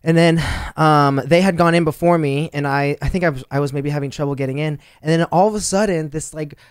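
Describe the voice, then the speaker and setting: A young man hosting a casual chat, warmly and effusively telling stories about a friend. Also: fairly high pitch, fairly quick, smooth, dry recording, studio quality. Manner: warm, effusive, animated storytelling. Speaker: host.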